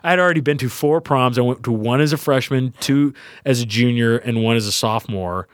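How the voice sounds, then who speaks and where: A young man from Louisiana, a podcast guest telling a story in a casual, profane, animated way and acting out the people he quotes. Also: mid-range voice, brisk, no echo, clean studio sound. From Louisiana, USA.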